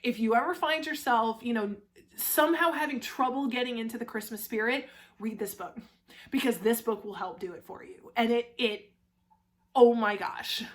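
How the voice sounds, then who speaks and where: A young woman chatting casually to camera as a book reviewer, gushing and warm about her subject, with lots of fillers and restarts. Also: a little high, normal speed.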